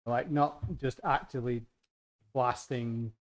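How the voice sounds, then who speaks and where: A man's voice: mid-range voice, steady tone, takes it slowly. A man, chatting casually as a player in a tabletop role-playing game, rambling and joking. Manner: rambling, jokey.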